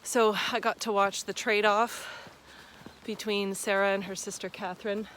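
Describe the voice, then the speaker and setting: A woman's voice: medium pitch, level tone, unhurried, fairly bright tone, slight background noise. A woman chatting upbeat and easily into a handheld phone while walking outdoors on a rural trail, laughing easily. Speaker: vlogger on a long-distance walk. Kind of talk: casual travel vlog.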